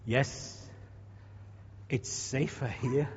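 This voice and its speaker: A man in his sixties preaches in a church, speaking conversationally, repeating words, and asking rhetorical questions. His voice is a little high and expressive at a moderate pace. The dull, echoey hall recording carries a little hiss or hum.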